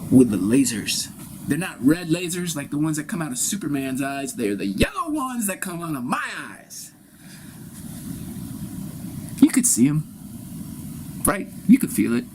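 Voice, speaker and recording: A man's voice: on the high side, big pitch swings, moderate pace, background noise. A man performing an improvised comic monologue, rambling and conspiratorial, cursing freely. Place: live-streamed solo performance.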